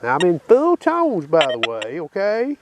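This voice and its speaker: Folksy high-voiced Southern man outdoors. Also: wildly swooping pitch, a little slow. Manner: folksy, addresses viewers as boys, keeps asking okay. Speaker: metal detecting channel host. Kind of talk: casual demonstration talk. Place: outdoors at a dig site. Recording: loud outdoor background noise. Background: detector tones and noise.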